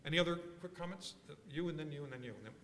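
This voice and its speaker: A man from Philadelphia giving a conference workshop talk, animated and thinking aloud with frequent restarts. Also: a little high, racing. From Philadelphia, USA. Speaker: workshop speaker. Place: large conference hall. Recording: conference hall reverb.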